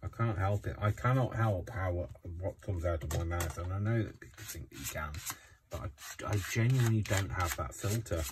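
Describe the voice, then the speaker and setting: A man's voice: low voice, moderate pace, background noise. A man chatting casually while crafting at home, rambling, joking and apologising in a self-mocking way. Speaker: craft vlogger.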